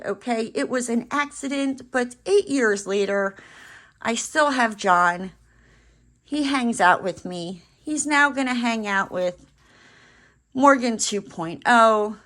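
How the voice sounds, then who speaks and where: Briefly out of breath after running downstairs, a crafting vlogger tells a rambling story while she works on crafts at home. Her mid-range voice is a bit bright, and her casual chat is full of fillers and restarts.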